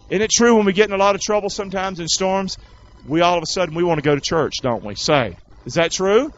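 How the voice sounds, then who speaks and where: A man's voice: sits high, fast talker, highs cut off. A pastor preaching a sermon to his congregation, asking them questions and having them repeat words back. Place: church hall with congregation.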